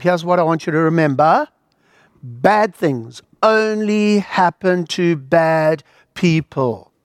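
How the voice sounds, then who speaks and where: A man preaching a sermon in an earnest, emphatic way, with dramatic pauses. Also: fairly high pitch, no echo, clean studio sound.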